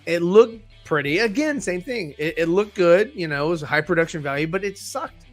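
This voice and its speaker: A man's voice: high voice, animated, a little fast, faint music behind. A man co-hosting a casual nerd podcast, joking, laughing often and swearing casually. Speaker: podcast co-host. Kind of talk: casual chat.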